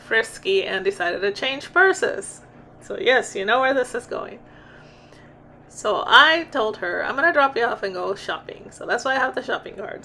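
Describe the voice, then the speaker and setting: A middle-aged woman tells a casual vlog story, chatty and quick to laugh. Her voice sits a little high with a bright, gravelly grain. A faint hiss lies under it. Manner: chatty, laughs often, self-interrupting. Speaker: vlogger.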